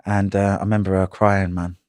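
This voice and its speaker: A man in his thirties talks through hard prison memories in blunt, streetwise slang. His voice sits low, and he peppers it with swearing and "you know what I mean". The sound is close and dry, with no room echo. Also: level tone, a little fast, a little mellow. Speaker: guest telling prison stories. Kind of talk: casual interview chat.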